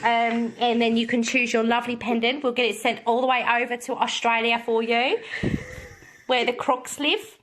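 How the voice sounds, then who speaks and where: A woman hosts a live sales stream, chatting to viewers by name with frequent giggles. Her voice sits high for a woman. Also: flat delivery, normal speed, a bit bright. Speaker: live-stream seller opening oysters.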